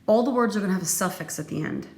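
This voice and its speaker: A woman teacher giving a recorded phonics lesson, slow and deliberate, playful, with sudden lively jumps in her voice. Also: medium pitch. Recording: echoey room with faint background noise.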